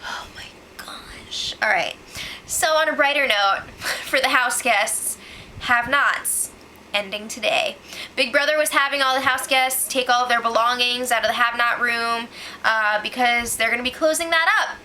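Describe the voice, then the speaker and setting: A woman giving a casual, animated spoiler recap, exclaiming and acting out what people said. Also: on the high side, moderate pace, a little hiss or hum, rough recording. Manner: animated, exclaiming, acts out quotes. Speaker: show recap host.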